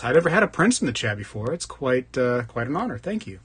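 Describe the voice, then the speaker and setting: A man with a medium-pitched, slightly rough, sing-song voice talks briskly with few pauses while hosting a casual livestream. He reads the chat, greets viewers by name, and jokes along with them.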